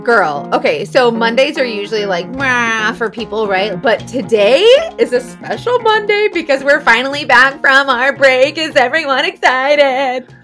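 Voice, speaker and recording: A woman's voice: high voice, lively intonation, a bit bright, faint music behind. A woman from Florida with a Southern accent, co-hosting a podcast in bubbly casual chat and laughing often. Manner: bubbly, laughs often, drawn-out filler words. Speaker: podcast co-host.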